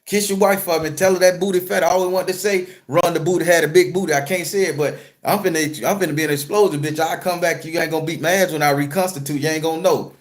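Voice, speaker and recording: A man with a fairly high voice recounts a dream in a loose, profane monologue. He jokes in streetwise slang, bursts loud and excited, then drops to a quiet, low murmur. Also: fast, hardly any pauses. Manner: crude, joking, streetwise slang. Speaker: spiritual content creator and tarot reader. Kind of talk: casual profane storytelling monologue.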